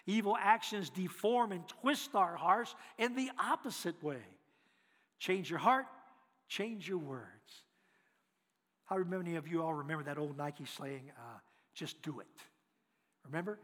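A man preaching as a guest speaker, telling folksy stories in an animated way and acting out voices. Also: sits high, big-room sound. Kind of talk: storytelling sermon.

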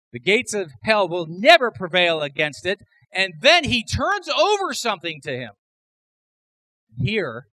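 A man preaching a sermon as pastor, emphatic, building to loud repeated declarations. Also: fairly high pitch, no room sound, rough recording.

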